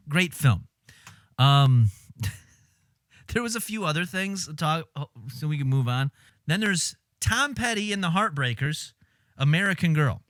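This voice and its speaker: A man streaming casual commentary on film clips, animated and exasperated, swearing and laughing as he talks. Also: fairly high pitch, unhurried, pauses often, no room sound, studio quality.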